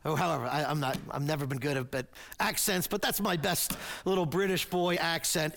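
A man preaching a sermon as pastor, earnest and emphatic, with halting restarts. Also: a little high, fairly bright tone.

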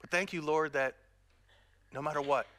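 On the high side and a bit bright, the middle-aged pastor's voice holds a steady tone at a moderate pace. He delivers his sermon earnestly and directly to the congregation, with touches of self-deprecating humor.

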